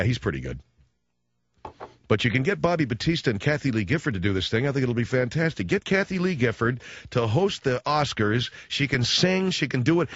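A radio host with a mid-range, fairly bright male voice launches into a comedic talk-radio rant, sarcastic and rambling as he hops from one showbiz jab to the next and riffs with impressions. The recording is dry with no room sound, and the highs are cut off.

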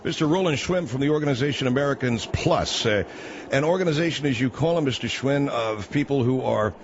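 A man's voice: medium pitch, lively intonation, brisk. A man hosting a comedic talk radio show, brash and sarcastic, mocking his guest. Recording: muffled broadcast audio with faint hiss.

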